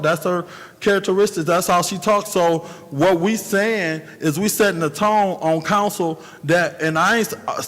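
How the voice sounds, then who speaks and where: A man speaking as a city council member in a formal meeting, emphatic, plainspoken and repetitive. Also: sits high. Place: council chamber. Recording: reverberant council chamber.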